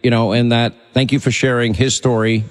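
A man's voice: medium pitch, level tone, brisk, long reverb tail. A male radio talk show host speaking to a caller in an urgent, emphatic, preachy way.

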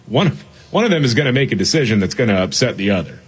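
A man co-hosting a casual talk radio chat, relaxed and quick to laugh. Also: mid-range voice, slightly rough. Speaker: co-host.

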